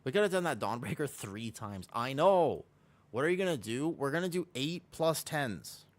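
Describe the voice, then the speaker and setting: A man's voice: medium pitch, sing-song, moderate pace. Chatty male streamer with a sore throat. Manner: rambling, self-correcting, chatty. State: sore throat, slightly sick. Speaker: game streamer. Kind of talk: casual livestream chat while gaming.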